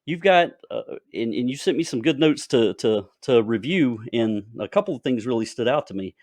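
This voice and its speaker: A man hosting an interview podcast, talking in a halting way and repeating words. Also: medium pitch, lively intonation, a little mellow, no room sound, clean studio sound. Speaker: podcast host.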